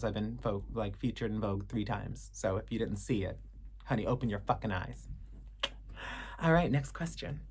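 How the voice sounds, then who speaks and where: Chatting to camera, a thirty-something woman fields fan questions with sass and candor, cursing freely along the way. Her voice rumbles low, husky and darkish.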